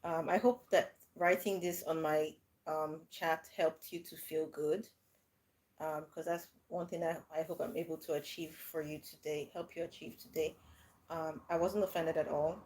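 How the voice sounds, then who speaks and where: A woman's voice: sits low, fairly even intonation, normal speed, darkish tone. A woman hosting a livestream, chatting casually with viewers and laughing often between her words. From Nigeria. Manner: chatty, laughs often, frequent fillers and restarts. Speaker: livestream host. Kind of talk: casual live chat answering viewer comments.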